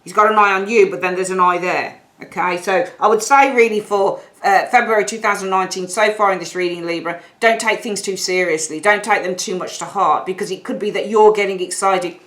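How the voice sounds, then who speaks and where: A woman's voice: mid-range voice, brisk, hardly any pauses, a bit bright. Chatty woman reading tarot. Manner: chatty, direct, repeats phrases for emphasis. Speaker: tarot reader.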